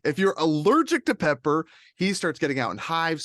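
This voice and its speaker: A man co-hosting a casual movie chat, animated, laughing often and quoting scenes in put-on voices. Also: fairly high pitch, normal speed, no room sound. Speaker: podcast co-host.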